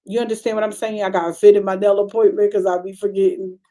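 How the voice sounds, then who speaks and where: A middle-aged woman pastor preaching a sermon in a conversational, vernacular style that keeps rising into emphatic, high-pitched bursts. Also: flat delivery, quick pace, warm tone.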